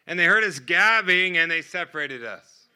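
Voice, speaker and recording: A man's voice: high voice, animated, moderate pace, pushed and bright, smooth. An American man preaching a sermon, telling his testimony as a vivid story and acting out the dialogue. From United States. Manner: vivid storyteller who acts out dialogue and laughs often. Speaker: guest preacher.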